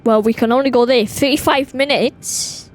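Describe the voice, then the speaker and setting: A woman with a Welsh accent chatting excitably to viewers while playing a driving game. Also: on the high side, moderate pace. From Wales. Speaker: gaming video host. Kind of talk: casual gameplay commentary. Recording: game engine noise behind voice. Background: truck and vehicle sounds from game.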